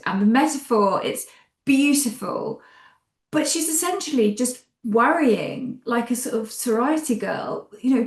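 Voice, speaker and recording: A woman novelist answering interview questions about her writing, speaking in an animated, expressive way and thinking aloud as she goes. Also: a little high, measured pace. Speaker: novelist discussing her book. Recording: roomy echo.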